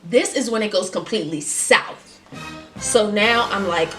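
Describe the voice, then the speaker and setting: A woman in her late twenties tells a story to her vlog audience, animated and sassy with plenty of slang. Her voice sits at an ordinary middle pitch. It is caught from a little way off the mic in an echoey room. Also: a little slow, recorded from a distance, faint music behind. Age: 20s. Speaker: vlogger. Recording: roomy, off-mic.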